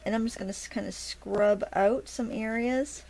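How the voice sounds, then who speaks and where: A woman's voice: on the high side, steady tone, normal speed, a little mellow. A middle-aged woman with a Maine accent teaching watercolor painting in a casual, chatty way, talking to herself as she works and making playful asides. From Maine, USA. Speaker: watercolor instructor.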